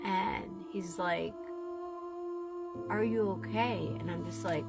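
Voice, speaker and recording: A woman's voice: on the low side, slow, vocal fry, loud music behind the voice. A woman casually telling an emotional, rambling story to her viewers, often saying "you guys". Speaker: TikTok storyteller. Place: Southwest Florida.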